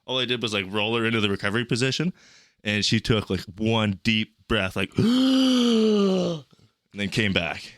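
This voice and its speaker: A man's voice: on the low side, fairly even intonation, fairly quick, fairly bright tone, smooth, no echo, studio quality. A young man telling travel stories on a podcast in a rambling, profane, casual way. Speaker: podcast guest.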